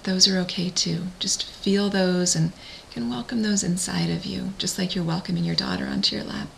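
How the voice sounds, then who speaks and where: Brief: woman parent coach guiding a visualization, soothing and unhurried, bright voice with some vocal fry. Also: fairly low pitch, steady tone, slight background noise, rough recording. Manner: gentle, slow, soothing. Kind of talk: guided visualization.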